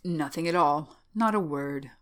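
A woman's voice: sits low, a little slow. A woman reading a blunt, level-headed young man. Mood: brisk. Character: brisk, level-headed young male medical student.

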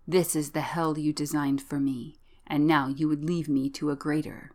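A woman's voice: sits low, little pitch movement, moderate pace, a little mellow. A woman voicing an ancient, twisted, frog-like man of the marsh in a whispered role-play, breathless and quavering. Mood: bitter whisper.

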